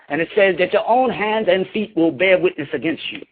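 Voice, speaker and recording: Pausing often at a normal speed, a fairly high-pitched man preaches to his followers in a scolding, emphatic way full of slang and swearing. He is a spiritual leader, heard through tinny, phone-like audio.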